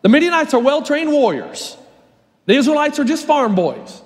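A male pastor preaching a sermon, telling the story lively with jokes and acted-out voices. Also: very high-pitched, normal speed, big-room sound.

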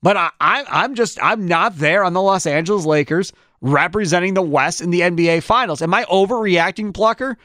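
A man hosting a sports talk show, giving strong opinions in an animated way with quick restarts. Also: high voice, dry recording, clean studio sound.

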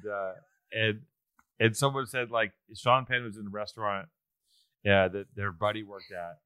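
A man co-hosting a comedy podcast, swearing freely and rambling from one story to the next. His voice is bright and forward, and it sits in a dry, close sound with no room around it. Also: fairly low pitch, clear, resonant tone, dry recording. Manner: profane, rambling, quick to launch into stories. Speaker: podcast co-host. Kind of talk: casual comedic chat.

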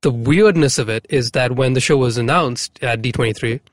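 A man co-hosting a casual podcast, upbeat and rambling, often pausing on fillers. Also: medium pitch, no room sound. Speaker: podcast co-host. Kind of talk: casual chat.

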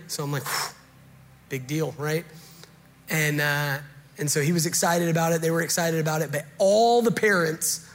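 A man's voice: on the high side, a bit bright, big-room sound. A man pastor preaching a sermon, telling a story with humor and building to earnest appeals.

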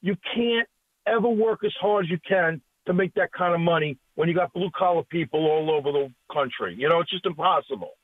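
A man's voice: fairly high pitch, fairly quick, no echo. An older man from the Northeast United States calling in to a radio show, rambling and stammering in a friendly way. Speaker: caller. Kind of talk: radio call-in. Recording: tinny phone line.

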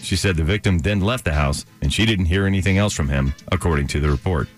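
A man's voice: deep voice, fast, soft background music. A man hosting a morning radio show, reading out odd news stories and chatting with co-hosts, with small stumbles as he reads.

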